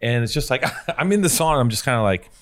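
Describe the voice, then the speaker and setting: A man's voice: mid-range voice, animated, quick pace, a bit bright. A man telling a long, rambling, profane story in casual chat, often cutting himself off and starting over.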